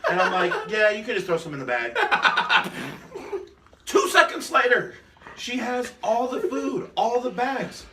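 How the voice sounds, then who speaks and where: A man's voice: very high voice, very animated, a little slow, pauses often. A man co-hosting a podcast, telling a long story casually and laughing often. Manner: laughing often while telling a story, doing quoted voices. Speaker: podcast co-host. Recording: roomy, distant mic with loud noise.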